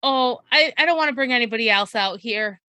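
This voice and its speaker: A woman's voice: fairly high pitch, brisk, sharp tone, no room sound. A woman playing a tabletop game, speaking casually in character and often restarting her sentences. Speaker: player.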